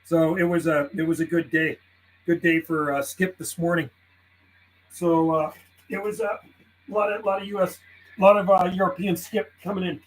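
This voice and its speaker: A man live-streaming from his home radio desk, chatting casually with viewers and calling out to other radio stations in a relaxed, friendly way. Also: sits high, normal speed, poor audio. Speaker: CB radio livestreamer. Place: warm house indoors.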